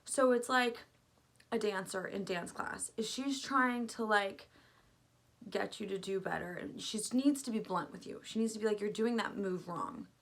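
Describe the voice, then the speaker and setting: A woman's voice: medium pitch, moderate pace, vocal fry, fairly bright tone. A young woman in a casual, reflective monologue, talking earnestly and rambling with lots of "like" fillers.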